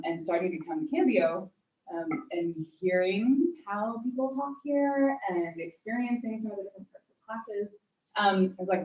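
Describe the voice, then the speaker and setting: A woman trainee introduces herself to the group, pausing often on ums as she searches for words. Her voice is dull and muffled. It echoes around a studio, picked up from a distance. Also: mid-range voice. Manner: hesitant, many ums. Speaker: yoga teacher trainee. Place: yoga studio room with a group.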